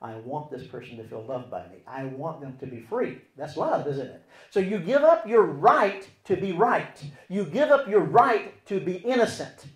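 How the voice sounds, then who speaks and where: A man preaching in a fairly high voice that swings widely in pitch, pressing hard on key points and then dropping to near-murmurs. He keeps putting rhetorical questions to his listeners. The sound carries a roomy echo. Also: animated, moderate pace, hardly any pauses. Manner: swings between loud emphatic stretches and quiet near-murmured asides. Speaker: Christian relationship teacher. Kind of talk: sermon-style teaching. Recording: echoey room.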